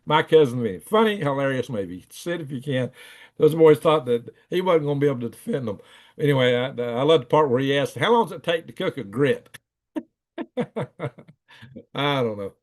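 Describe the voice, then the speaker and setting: A man's voice: medium pitch, animated, normal speed. Man hosting a live stream, middle-aged, rambling yarn-teller who chuckles and acts out the voices in his stories. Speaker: livestream host. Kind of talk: casual storytelling to live chat.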